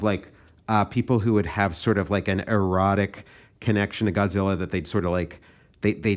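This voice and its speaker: A comic artist and podcast host walking casually through his own artwork, thinking aloud in a loose, meandering way. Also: deep voice.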